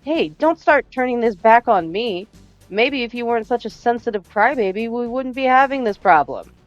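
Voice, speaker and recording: A woman voicing a furious, foul-mouthed young man who shouts and sneers. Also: mid-range voice, expressive, normal speed, no room sound, dull audio, faint music behind, lightly acted. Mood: contemptuous. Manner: shouting, swearing, contemptuous.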